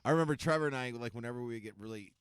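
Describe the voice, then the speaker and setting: A man's voice: mid-range voice, very fast, clear, resonant tone. A man co-hosting an internet radio show, chatting casually, laughing often and quoting film lines. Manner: laughing, quotes movie lines. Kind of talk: casual podcast banter.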